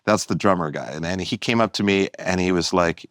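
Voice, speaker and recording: A male guest comedian talking in casual conversation, rambling and animated with many restarts. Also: deep voice, fairly quick, few pauses, no echo, studio quality.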